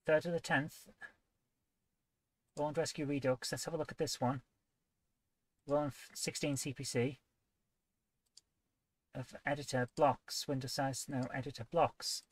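A woman's voice: rumbling low, fairly even intonation, a little slow, pauses often, no echo. A woman hosting a live game coding stream, chatty and playful, often joking at her own expense. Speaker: host.

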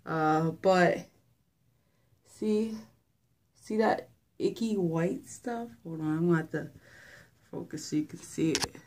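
A woman's voice: fairly low pitch, slow pace, long pauses, darkish tone. A young woman talking casually and rambling through a hair-washing vlog. She is filming herself with a handheld phone in a bathroom at home and is a little out of breath. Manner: chatty, rambling, filler-heavy. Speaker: hair vlogger. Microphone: phone held by hand.

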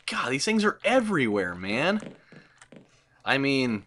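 A young man narrates his gameplay with sarcasm, swearing and sudden excited outbursts. His pitch swings widely and stays mid-range. Steady noise and clicks sit under the voice. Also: measured pace, long pauses. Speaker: let's play host. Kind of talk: gameplay commentary.

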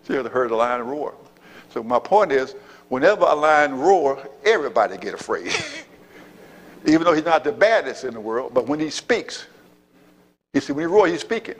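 A man's voice: medium pitch, animated, moderate pace. A male pastor delivering a sermon in an ordinary mid-range voice. He works the room in call-and-response, repeating himself and tossing in amen and praise God. His words echo through a large church hall with a long reverb tail. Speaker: apostle and pastor. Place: church sanctuary.

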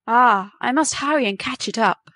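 A curt male snake on the hunt , put on by a woman reader, asks his questions briskly in a storybook tale. The voice is slightly high and dry. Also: fairly bright tone, dry recording, close to an everyday voice.

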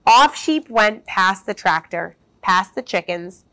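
A woman reading a children's storybook aloud as storyteller, expressive and sing-song. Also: mid-range voice, takes it slowly.

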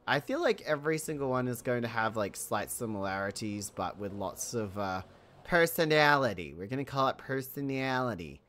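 A woman's voice: extremely low pitch, sing-song, normal speed, fairly bright tone. A woman hosting a building video, chatting casually and thinking aloud, with frequent small laughs. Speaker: host.

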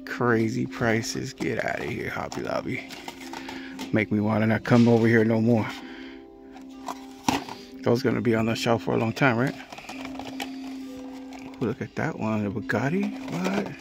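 A man's voice: mid-range voice, normal speed, vocal fry, long pauses, over music. A man from California in casual commentary as he walks a hobby store, muttering laid-back reactions and ranting about prices. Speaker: diecast collector vlogger.

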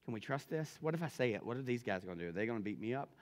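A man's voice: medium pitch, animated, very fast, pitched below the performer's own voice, close to an everyday voice. A male pastor voicing an evasive, fearful Roman governor who brushes things off and hedges. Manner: hedging, dismissive.

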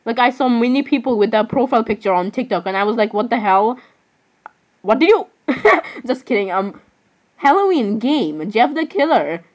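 A woman's voice: on the high side, animated, normal speed, darkish tone, low-quality recording. Rambling, giggly young-sounding woman. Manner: rambling, keeps apologizing, giggly, says "literally" often. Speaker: vlogger. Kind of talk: casual screen-browsing commentary.

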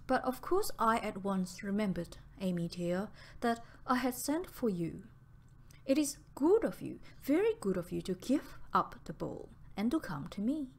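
A woman reading the part of an anxious, pale young woman who pleads in a halting, breathless way, repeating her words. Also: mid-range voice, sing-song. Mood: fearful, pleading.

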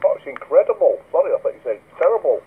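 A man's voice: fairly high pitch, very animated, quick pace, slightly rough. A man chatting and joking casually with a friend over CB radio. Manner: jokey, laughing, teasing. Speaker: CB radio operator recording the chat. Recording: tinny radio transmission with faint hiss.

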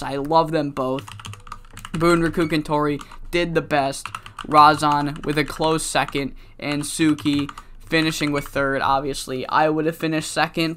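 A man's voice: fairly high pitch, a bit bright, clear, resonant tone. A man commentating on his game in a rambling, profane casual style, his voice cracking from being sick. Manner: rambling, profane, many fillers. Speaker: let's-play commentator.

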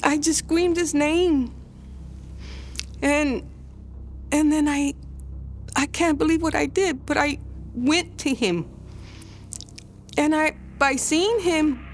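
Slow-speaking older grandmother, halting. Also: high-pitched, slight background noise. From Texas. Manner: halting and emotional, with frequent restarts. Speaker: grandmother interviewee. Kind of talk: documentary interview.

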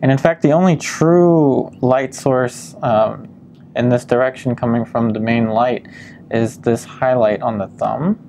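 Man, painting instructor, relaxed demo narration, soft fry in the voice. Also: medium pitch, a little slow, slight background noise. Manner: calm step-by-step explaining with frequent ums.

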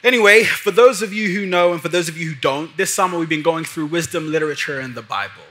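Bright-voiced earnest male pastor. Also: on the high side. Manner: earnest, stretches key words slowly for emphasis. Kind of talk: sermon.

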